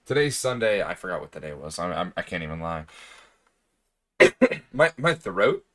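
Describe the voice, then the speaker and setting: A low-pitched, hoarse male streamer talks loosely to his viewers, full of fillers and throat clearing. The sound is close and dry, with no room around it. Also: very animated, moderate pace, sharp tone, dry recording. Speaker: game streamer. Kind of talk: casual livestream chat.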